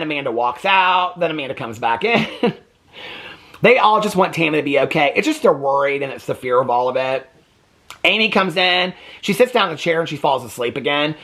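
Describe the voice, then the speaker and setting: A man casually recapping a reality TV episode for his vlog, chatty and animated, acting out the quoted lines as he goes. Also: on the high side. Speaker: TV reaction vlogger.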